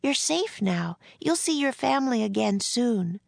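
A woman's voice: on the high side, sing-song, a little slow, creaky, a little mellow, no room sound, clean studio sound, voice pushed up, heavily acted. A woman reading aloud and voicing a kind, worried young girl who soothes and pleads. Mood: soothing.

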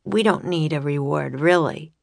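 A woman's voice: low-pitched, normal speed, gravelly, no echo. A woman voicing a polite, cautious young boy in a children's storybook reading. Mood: earnest.

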